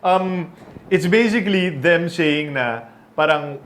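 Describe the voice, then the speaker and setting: A man with a Filipino accent co-hosting a casual basketball talk show, animated and prone to repeating words while he thinks. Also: a little high, normal speed. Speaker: podcast co-host.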